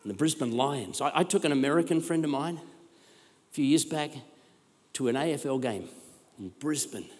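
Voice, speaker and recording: An Australian man preaching a sermon as pastor, with energetic, exclamatory delivery and repeated calls to the congregation. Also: a little high, normal speed. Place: large church hall. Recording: long hall reverb.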